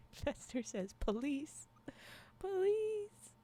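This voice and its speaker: A woman's voice: high voice, expressive, a little slow, gravelly, darkish tone. A woman streamer chatting casually and reading a story aloud, giggling often and breaking into exclamations. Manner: giggly, exclamatory reactions to chat.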